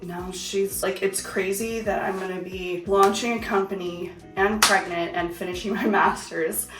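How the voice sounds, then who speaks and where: A woman's voice: mid-range voice, steady tone, moderate pace, music in the background. A young woman talking casually to her vlog audience, candid and full of fillers like "like" and "you know". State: out of breath. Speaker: vlogger, nurse and business owner.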